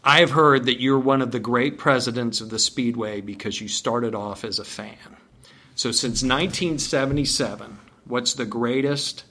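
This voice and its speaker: A man with a bright, forward voice hosts a relaxed interview. He fires off short, playful questions in a light tone. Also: mid-range voice, normal speed. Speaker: podcast host, interviewer.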